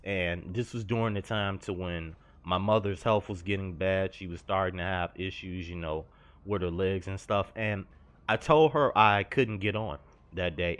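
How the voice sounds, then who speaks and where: A man's voice: sits low, a bit bright, clear, resonant tone. A young man telling a personal story over gameplay, earnest and confessional, slangy and rambling. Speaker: gaming vlogger.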